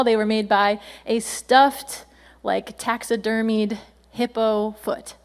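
Bubbly woman pastor, slightly high voice. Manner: chatty, playful, laughs often. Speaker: senior pastor. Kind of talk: sermon.

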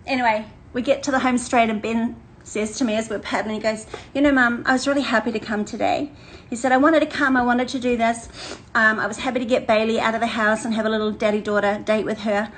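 A woman's voice: on the high side, fast, a little hiss or hum, low-quality recording. Chatty older woman pastor. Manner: chatty, animated, laughs often, repeats phrases. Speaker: women's ministry leader. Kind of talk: casual livestream chat to a women's group.

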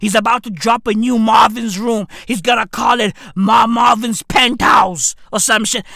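A woman's voice: fairly high pitch, sing-song, measured pace, creaky, bright, forceful tone. A woman ranting in a comedic, exasperated and mocking way, swearing heavily. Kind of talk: profane comedic rant.

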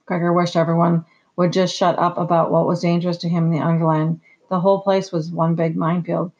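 Gravelly audiobook narrator. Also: mid-range voice, little pitch movement, fairly quick, a little mellow, muffled recording.

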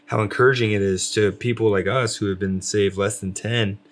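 A man's voice: lowish voice, fairly even intonation, fairly quick. A man talking casually about faith with his wife, rambling with lots of fillers and restarts. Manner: rambling, many fillers, self-described loud.

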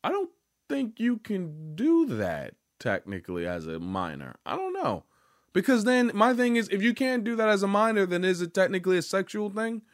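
A man's voice: high-pitched, wildly swooping pitch, normal speed, no room sound, clean studio sound. A young man telling a story to the camera in a loose, rambling, profane way, full of restarts and fillers. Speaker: vlogger. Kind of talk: casual storytelling monologue.

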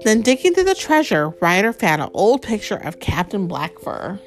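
A woman reads a picture book aloud to a young listener, her voice rising and falling in a lively, animated way. She talks gently and explains words as she goes. Her pitch sits in a middle range. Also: moderate pace, soft background music. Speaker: storyteller.

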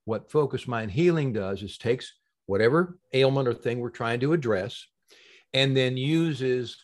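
A man being interviewed as a healing practitioner on a long-form podcast, telling stories in an animated, emphatic way that swings between loud and soft. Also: medium pitch. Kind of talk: casual interview talk.

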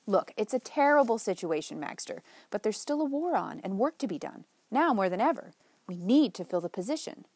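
A woman's voice: mid-range voice, sing-song, a little mellow, husky, dry recording. A woman voicing an earnest young male secretary. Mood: persuasive. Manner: persuasive, brisk, teasing.

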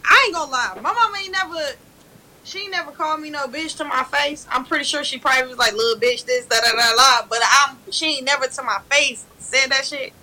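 A young woman telling a story in casual chat, animated and laughing, loudly acting out what others said. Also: high voice, brisk, rough recording.

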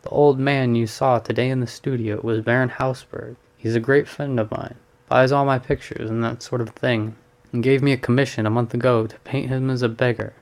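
A man's voice: medium pitch, fairly even intonation, moderate pace, close to an everyday voice. A man reading a storybook, voicing a cheerful, worldly male painter who teases his friend. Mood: amused. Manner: teasing, amused. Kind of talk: audiobook reading.

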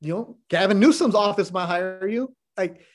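Middle-aged sports guy on a podcast, fairly high voice, blunt, animated, swears a bit. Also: moderate pace. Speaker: sports broadcaster, podcast guest. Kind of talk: casual chat.

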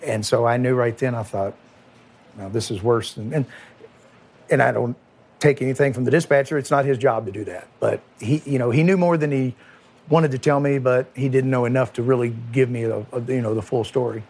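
A middle-aged man, a former police chief, recounting a night in a halting, emotional way with many repeated words. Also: mid-range voice, darkish tone, husky.

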